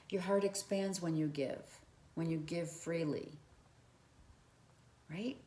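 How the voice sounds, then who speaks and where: A woman's voice: lowish voice, slow pace, long pauses, dark tone, reverberant. A woman giving earnest motivational advice to the viewer, often repeating her phrases and speaking to the viewer directly. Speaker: relationship advice vlogger. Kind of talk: motivational talk to camera.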